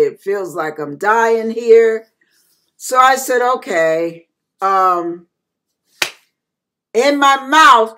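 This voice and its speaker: Female pastor, unhurried delivery, bright tone, talks straight to her listeners as she tells her testimony. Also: a little high. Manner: storytelling, addresses listeners directly. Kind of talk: personal testimony sermon.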